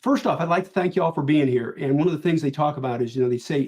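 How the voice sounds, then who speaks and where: Older male panelist, earnest, repeats himself for emphasis, voice sits slightly high, video-call sound. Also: fast talker, darkish tone. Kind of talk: virtual conference panel talk.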